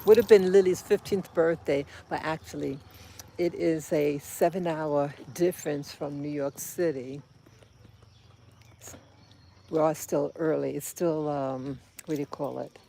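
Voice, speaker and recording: A woman's voice: low voice, steady tone, measured pace, creaky, mellow, slight background noise. A woman vlogging on a walk outdoors, rambling and emotional as she talks to her little boy. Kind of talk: casual walking vlog. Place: outdoors on a street.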